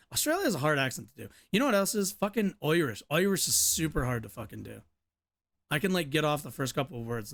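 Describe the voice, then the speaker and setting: A man's voice: medium pitch, vocal fry, a bit bright. A young man streaming, reading a news article aloud with stumbles, mutters and offhand asides. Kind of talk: casual reaction stream.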